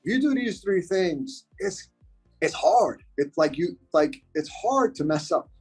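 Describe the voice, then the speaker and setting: A man's voice: high-pitched, expressive, measured pace, darkish tone, slightly rough, soft background music, low-quality recording. A man from the United States, a podcast guest talking in a casual interview, earnest and repeating his points for emphasis.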